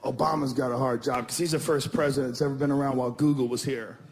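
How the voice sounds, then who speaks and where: Shouting profane stand-up comedian. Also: male voice, medium pitch, steady tone, creaky. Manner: shouting, profane, rapid punchlines. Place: comedy club stage. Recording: live club crowd laughing.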